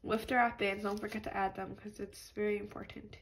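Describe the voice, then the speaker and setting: A woman with a stuffy nose from allergies, calmly talking through a step-by-step craft tutorial and apologizing now and then. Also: mid-range voice, a little fast, hardly any pauses. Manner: patient, apologetic instructions.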